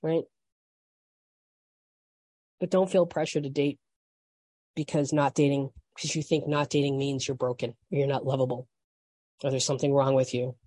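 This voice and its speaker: A woman with a low, mellow voice talks through dating advice in a frank, conversational monologue. She restarts her sentences and swears for emphasis. The sound is dry and close. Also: little pitch movement, moderate pace, pauses often, no room sound. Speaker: podcast host.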